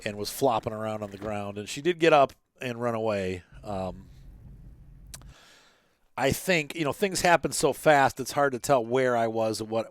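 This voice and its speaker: A man with a voice on the low side hosts a gaming channel's let's-play of a farming game, casually chatting and rambling through a personal story full of fillers and restarts. There's no echo.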